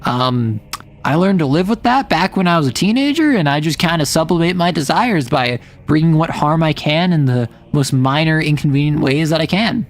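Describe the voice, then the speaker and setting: A man voicing a chill but deeply resentful creature, speaking slowly in a flat deadpan.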